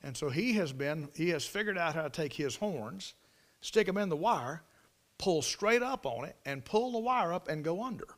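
A man, telling a folksy farm story in a devotional talk, in an animated country manner. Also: on the high side, normal speed.

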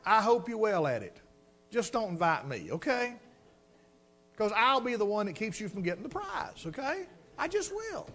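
A man's voice: high voice, big pitch swings, moderate pace, a bit bright, faint music behind. A middle-aged man preaching a sermon, telling a folksy personal story and addressing the congregation as folks.

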